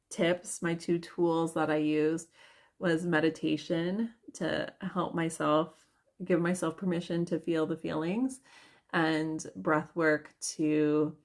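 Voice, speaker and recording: Young woman, low creaky voice, unhurried candid mom-vlog chat. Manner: chatty, candid, laughs often, many fillers. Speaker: yoga vlogger and mother. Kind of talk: casual confessional vlog talk.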